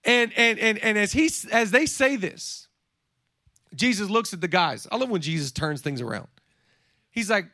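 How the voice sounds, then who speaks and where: A man in his thirties preaching a sermon in a playful, energetic way, joking and acting out quotes from the story. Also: high-pitched, moderate pace, no echo, studio quality. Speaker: pastor. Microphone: seated on a stool.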